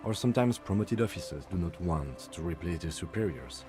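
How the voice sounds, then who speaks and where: An actor playing a calm, reserved police lieutenant in a video game, speaking with a French accent in a measured, precise way. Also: male voice, low voice. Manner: measured, precise, matter-of-fact. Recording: soft game music behind.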